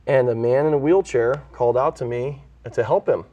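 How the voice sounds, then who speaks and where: A man's voice: mid-range voice, moderate pace, warm tone, far from the mic, highs cut off. A man from California, a pastor who is a guest on an interview show, earnestly telling his own story and acting out the voices he quotes. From California, USA.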